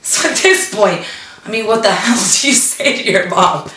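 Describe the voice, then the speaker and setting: A woman's voice: medium pitch, animated, normal speed, sharp tone, a little hiss or hum. Chatty young woman, roomy distant sound. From Miami area. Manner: chatty, lots of "like", switches into Spanish for quotes. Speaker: storyteller. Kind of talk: casual personal storytelling.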